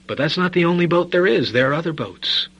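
Bright-voiced emphatic male preacher. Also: on the high side, expressive, quick pace, slightly rough, muffled recording. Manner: emphatic, rhetorical questions, swings between loud stress and quiet asides. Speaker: preacher and Bible teacher. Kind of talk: sermon.

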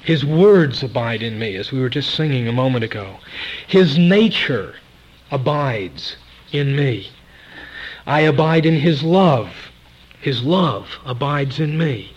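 A man's voice: mid-range voice, animated, slow. Emphatic preacher, a man, on lo-fi tape. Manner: emphatic, repeats key words, swings between loud and soft. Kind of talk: sermon.

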